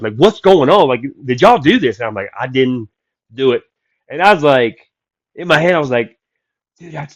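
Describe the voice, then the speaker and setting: A man telling a story from the road in casual chat, animated and acting out the people he quotes. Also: medium pitch, no echo. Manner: animated, acts out quoted voices loudly. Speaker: comedian guest.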